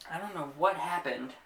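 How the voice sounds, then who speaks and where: A man's voice: a little high, vocal fry, a bit bright, slight background noise. A young man vlogging a casual storytime to camera, laughing often and acting out the scenes as he tells them.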